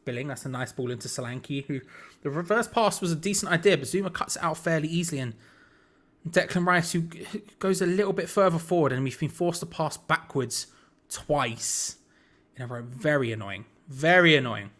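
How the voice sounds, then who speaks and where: A young man with a slightly high, bright voice speaks fairly quickly as he hosts a live football watch-along. He calls the play casually and chats with viewers, dropping in frustrated asides.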